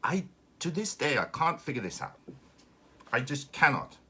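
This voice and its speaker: Speaking at a normal speed, this man has a medium-pitched voice with a breathy edge and a Finnish accent. He's from Finland and runs a laid-back live stream, where he rants sarcastically, animatedly and with lots of cursing.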